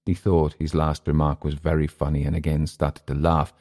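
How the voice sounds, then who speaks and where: A man reading a vintage short story aloud in steady, measured narration. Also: very deep voice.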